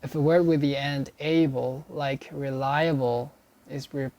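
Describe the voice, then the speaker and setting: Slow-paced man, self-study dictionary read-through, halting delivery that repeats each example. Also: mid-range voice, steady tone, darkish tone. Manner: halting, repeats sample sentences, restarts and self-corrects. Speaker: English learner studying a dictionary. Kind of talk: reading dictionary entries aloud and explaining them.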